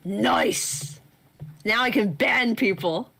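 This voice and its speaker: A woman's voice: mid-range voice, takes it slowly, vocal fry, fairly bright tone. A woman chatting playfully on a game stream, giggling often and teasing with jokes. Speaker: co-host guest on a game stream. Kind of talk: casual chat.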